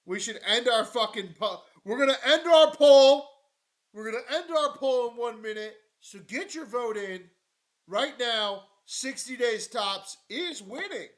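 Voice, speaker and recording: A man hosting a live news stream, swearing and mocking as he swings from loud rants to low mutters. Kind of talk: profane live-stream commentary.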